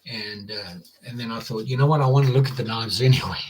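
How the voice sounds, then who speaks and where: A man's voice: medium pitch, quick pace, darkish tone. An older man with an American Midwestern accent, chatting casually on a live stream as the channel host, rambling with fillers and restarts.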